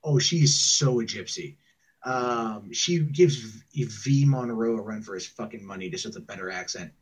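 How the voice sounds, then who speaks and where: In a muffled, distant, secretly recorded call, a man tells a long, rambling, profane story, often mimicking what other people said. His voice is lowish with a breathy edge, at a moderate pace.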